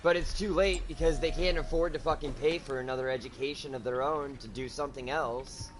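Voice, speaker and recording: High-voiced man in casual gaming chat. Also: fairly even intonation, brisk, music in the background. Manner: casual, profane storytelling. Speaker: co-host of a gaming channel.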